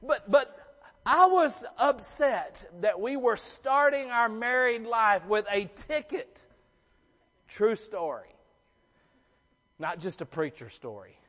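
A man's voice: very high-pitched, very animated, slow pace, a bit bright, long reverb tail. A man preaching a sermon to his congregation, chatty and joking, asking the room questions. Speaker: pastor. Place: church sanctuary.

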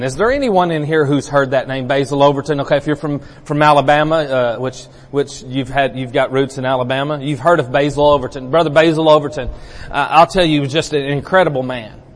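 A man's voice: medium pitch, a little fast, in a large hall. A man preaching a sermon in a church, telling stories in a folksy way with many repeated words.

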